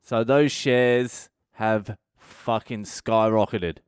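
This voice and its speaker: A man's voice: fairly low pitch, fairly even intonation, extremely slow, clear, resonant tone, no echo, clean studio sound. A middle-aged Australian comedian hosting his own podcast, telling stories in a profane, ranting, self-mocking monologue. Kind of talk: comic storytelling monologue.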